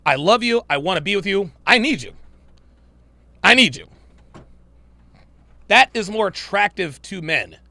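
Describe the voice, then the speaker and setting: A man hosts a live reaction show with a high, swooping voice that sounds bright and sharp. He mocks and rants with exasperated disbelief, swearing freely. The sound is dry and close. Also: animated, a little slow, gravelly, pauses often, dry recording. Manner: mocking, exasperated, swears a lot; laughs in disbelief. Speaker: show host reacting to clips. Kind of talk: crude live reaction commentary.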